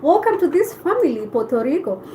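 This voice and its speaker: A woman's voice: high voice, big pitch swings, brisk, dark tone, slight background noise, low-quality recording. A woman from Kenya with a Kenyan accent, hosting a casual live stream and chatting back to viewer comments.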